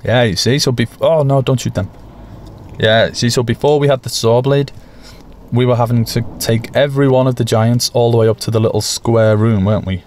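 A man hosting a gaming channel, giving casual, jokey, self-mocking commentary over his play with sudden excited bursts. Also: medium pitch, normal speed, a little hiss or hum.

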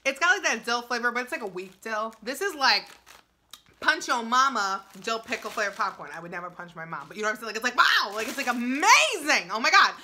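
Very bright-voiced excitable young woman. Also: on the high side, a little fast, slight background noise. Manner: gushing, excitable, filler-heavy. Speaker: YouTuber. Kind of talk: casual food-tasting vlog.

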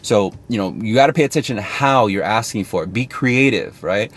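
A man with a lowish voice talks casually to camera, coaching viewers on sales. He is chatty and thinks aloud as he goes. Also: fairly quick.

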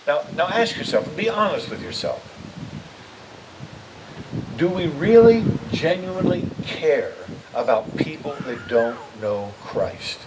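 A man's voice: a little high, measured pace. An older man preaching a sermon as interim pastor, earnest and building to emphatic appeals. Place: church sanctuary. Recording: distant mic with steady background noise.

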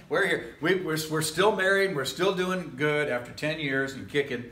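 Man, pastor, casual joking sermon, rambling asides, somewhat high voice, echoey church. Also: unhurried, a bit bright. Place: church sanctuary.

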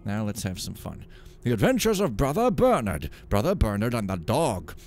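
A man's voice: fairly low pitch, wildly swooping pitch, moderate pace, darkish tone. A man hosting a let's play, chatting casually and jokily, and reading in-game stories aloud in a dramatic storytelling voice. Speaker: gaming channel host.

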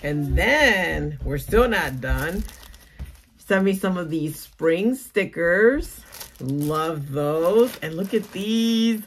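A young adult woman vlogging as she opens a mail package, gushing with excited exclamations. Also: mid-range voice, slow, a little hiss or hum. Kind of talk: casual unboxing vlog.

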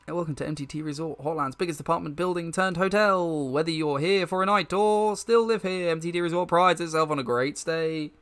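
This is a chirpy male monster working the front desk of a hotel in a video game, read by a man. He rattles through his welcome quickly, in a salesy tone. His pitch sits a little above an everyday voice. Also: a bit bright, smooth, no room sound, close to an everyday voice.

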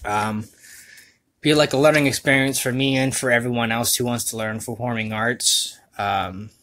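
A young man rambling through a casual livestream chat, self-mocking and quick to laugh, recorded at home on a computer mic. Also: mid-range voice, steady tone, sharp tone. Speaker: vlogger and voice dubber.

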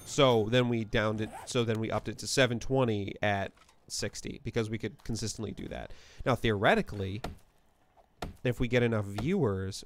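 With a voice on the low side, a man makes casual gameplay chatter on a livestream from his apartment room, thinking aloud and correcting himself often. The audio carries a little hiss or hum.

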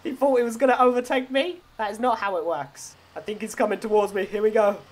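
This is an excitable young man, narrating his own game role-play as a tow truck driver. His voice sits fairly high for a man, and he teases the other players and laughs easily. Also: fast, over a noisy crowd. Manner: excitable, teasing, laughs often. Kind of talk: role-play gameplay commentary.

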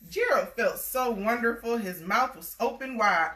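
A woman's voice: medium pitch, expressive, a little slow, few pauses, pushed and bright, distant mic. A woman reading a picture book aloud to a child, with playful, chatty asides between pages. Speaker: storybook reader and host. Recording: echoey room, away from the mic.

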